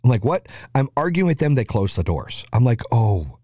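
Brief: male host, mid voice, animated and profane storyteller, dry room. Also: medium pitch, quick pace, no room sound. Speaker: podcast host. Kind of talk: storytelling monologue.

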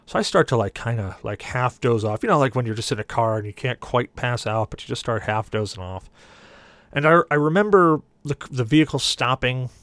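Animated man telling a comic story. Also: mid-range voice, fairly quick, dry recording. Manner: animated, acts out the voices in his stories. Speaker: podcast panelist.

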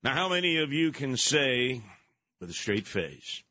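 A man's voice: medium pitch, very animated, unhurried, bright, forceful tone, no echo. A man hosting a call-in radio show, rambling and sarcastic with combative asides. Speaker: radio talk show host. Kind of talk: call-in talk radio monologue. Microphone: studio mic, dry.

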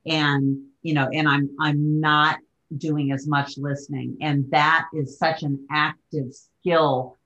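Slow, low-voiced woman host. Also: little pitch movement, a bit bright, dull audio. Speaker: podcast host. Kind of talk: interview hosting.

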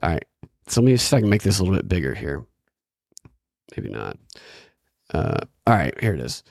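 A man's voice: low-pitched, big pitch swings, a little fast, gravelly, darkish tone, no echo, studio quality. A man hosting a casual podcast, wry and rambling as he reads out viewer comments. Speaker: podcast host.

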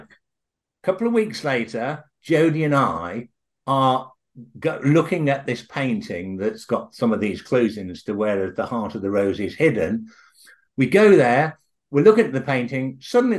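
Older male interview guest, very expressive pitch, stumbles and restarts, then warms into animated storytelling. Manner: halting, with many restarts, then eager and animated. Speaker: guest author and researcher.

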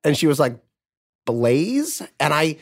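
Storytelling podcast man with lively pitch. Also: fairly quick. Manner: storytelling, swears freely, acts out quotes. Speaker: podcast host. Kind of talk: casual podcast banter.

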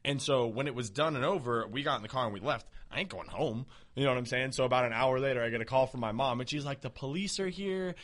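A young man telling a story in a blunt, profane, animated way during casual podcast chat. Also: mid-range voice, fast talker, hardly any pauses.

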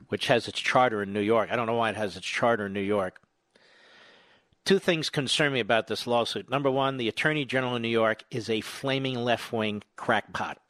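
A man's voice: medium pitch, fairly bright tone, dry recording. A man hosting a radio talk show, delivering an opinionated, indignant and sarcastic monologue into a studio microphone.

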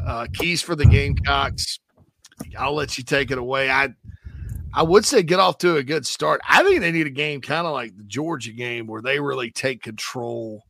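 A man's voice: medium pitch, sharp tone, dry recording. A man hosting a sports talk show, chatting casually in a joking, rambling way. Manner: joking, rambling, quick asides. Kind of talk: casual chat.

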